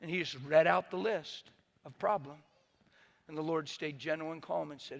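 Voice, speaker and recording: A man's voice: fairly high pitch, moderate pace, creaky. A man pastor preaching a sermon, telling a story with emphasis and acting out the people in it.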